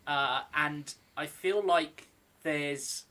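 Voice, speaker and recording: Male co-host, bright, tense-edged tone, thoughtful and hesitant film talk. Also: fairly high pitch, very slow. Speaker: podcast co-host. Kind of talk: casual film discussion on a live stream.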